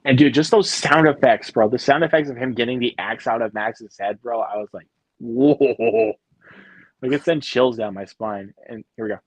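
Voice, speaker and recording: A man's voice: mid-range voice, a little fast, hardly any pauses, no echo. A young man hosting a casual live Q&A, talking in a laid-back way, saying "bro" a lot and telling stories animatedly. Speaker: livestream host. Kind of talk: casual chat.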